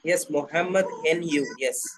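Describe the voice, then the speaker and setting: Husky guy running a zoom english class, calls on people, lots of uh's. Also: fairly high pitch, a little slow, rough recording. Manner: directive, moderating turns, frequent fillers. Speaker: host of online English class. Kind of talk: moderating a video-call class. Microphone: video call.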